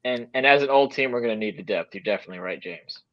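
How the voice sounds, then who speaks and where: A man's voice: mid-range voice, quick pace, lo-fi sound. A man co-hosting a sports podcast, speaking in a laid-back way with short, agreeing remarks. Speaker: podcast co-host. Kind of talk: casual sports chat.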